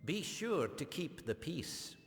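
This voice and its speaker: A man's voice: on the high side, big pitch swings, takes it slowly, soft background music, full character voice. An actor playing a stern male gnome garrison captain in a video game, speaking in a formal, clipped, commanding manner. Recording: game audio with long reverb.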